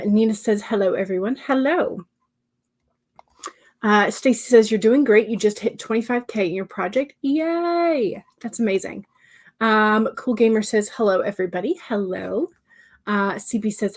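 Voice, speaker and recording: On her writing livestream, the host, a woman with a medium-pitched voice, chats through her replies to viewer comments she reads out casually. Now and then her voice sinks into quiet murmurs.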